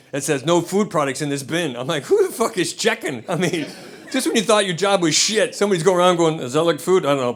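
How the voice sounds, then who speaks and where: A man's voice: a little high, fairly bright tone. An American man telling a profane stand-up story, acting out both sides of the dialogue on a comedy club stage. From United States. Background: audience laughter.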